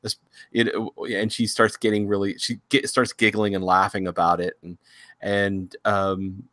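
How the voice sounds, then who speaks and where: A man's voice: on the low side, little pitch movement, measured pace, a bit bright, dry recording, clean studio sound. A middle-aged man hosting a casual talk show, rambling with restarts and chuckling as he tells family stories. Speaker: host. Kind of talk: casual chat.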